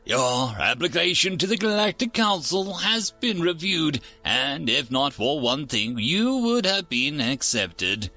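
A man reads as a formal alien judge handing down a verdict, level and monotone. The voice stays bright. It sounds solemn and impassive, like a storybook court. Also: on the high side, measured pace, few pauses, soft background music, heavily acted. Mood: stern.

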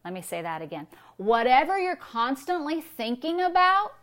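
A woman's voice: sits high, sing-song, normal speed, a bit bright. A woman pastor giving a sermon, preaching emphatically with repetition and rhetorical questions.

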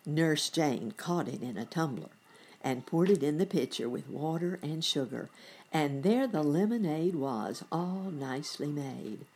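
A woman reading a bedtime story to children, with gentle chatty asides to the listener. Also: sits low, animated, unhurried, husky.

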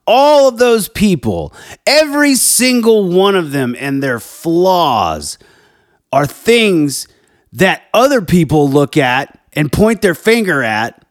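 Emphatic man with a lively, swinging voice. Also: no room sound, clean studio sound. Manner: emphatic, heated, animated pitch swings. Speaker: podcast host. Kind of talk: personal faith talk and scripture reading.

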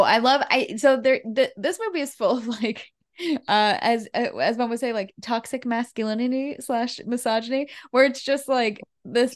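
A woman co-hosting a podcast, chatting casually with frequent laughs and fillers. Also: on the high side. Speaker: podcast co-host. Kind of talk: casual chat.

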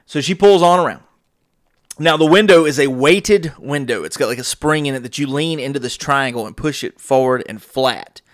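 A man tells a story on his podcast. He acts out each voice in it with lively energy. The sound is dry and close, with no room echo. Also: mid-range voice, moderate pace. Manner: animated storyteller acting out quoted dialogue. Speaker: podcast host. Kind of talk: storytelling monologue.

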